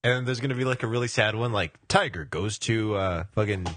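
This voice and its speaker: A man's voice: on the low side, a little fast, a bit bright, a little hiss or hum. A man co-hosting a casual comedic podcast, rambling through stories and swearing freely. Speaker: podcast co-host.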